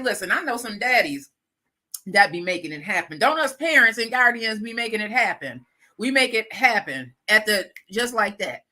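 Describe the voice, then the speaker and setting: A middle-aged woman chats casually on a live stream, her voice bright and ringing even though she is stuffed up and keeps clearing her throat. She is lively and talkative and keeps turning to her viewers with a friendly y'all. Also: a little high, moderate pace. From Lackawanna, New York, USA. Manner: chatty, animated, laughing asides, calls audience y'all. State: congested, runny nose, clearing throat. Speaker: livestream host.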